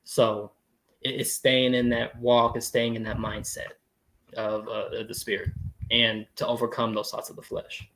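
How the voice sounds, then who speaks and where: A man's voice: medium pitch, level tone, moderate pace, a bit bright. A young man as a podcast guest, talking in an earnest, thoughtful way with frequent chuckles. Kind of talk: reflective faith talk.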